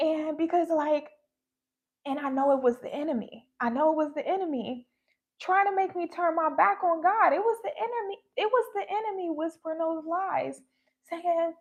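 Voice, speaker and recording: A woman's voice: extremely high pitch, moderate pace, muffled recording. A woman in her thirties talking candidly and emotionally about her faith. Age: 30s. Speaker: spiritual vlogger. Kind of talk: casual faith talk.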